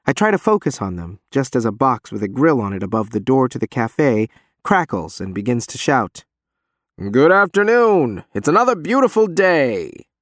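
A man's voice: fairly low pitch, big pitch swings, normal speed, dry recording, studio quality. A man narrating a story in first person. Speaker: audiobook narrator. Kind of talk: scripted narration.

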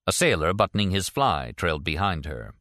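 A man narrating a novel in an expressive storytelling manner. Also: low voice, a little fast, dry recording, studio quality. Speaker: audiobook narrator. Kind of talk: scripted narration.

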